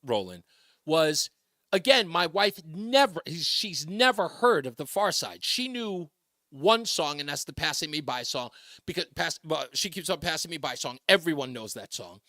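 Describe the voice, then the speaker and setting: A talk radio host tells a story with lots of energy, jumping up high when he quotes other people and laughing between lines. His voice is high and bright for a man. It is recorded close and dry on a studio mic. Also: very animated, moderate pace, no room sound.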